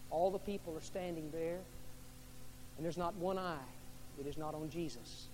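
A male pastor preaching a sermon with dramatic storytelling, shifting from hushed tones to loud peaks. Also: fairly high pitch, normal speed. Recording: echoey hall with faint hum.

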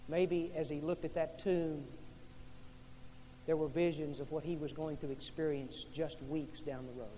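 A male pastor preaching a sermon with dramatic storytelling, shifting from hushed tones to loud peaks. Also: a little high, little pitch movement, unhurried. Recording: echoey hall with faint hum.

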